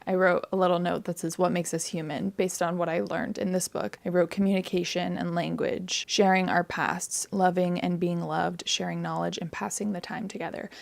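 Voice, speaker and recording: A woman's voice: lowish voice, steady tone, moderate pace, vocal fry, hardly any pauses, a little mellow. A woman reviewing a novel in a casual vlog, earnest and reflective, often saying "like". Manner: earnest and reflective, heavy use of "like". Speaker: book reviewer.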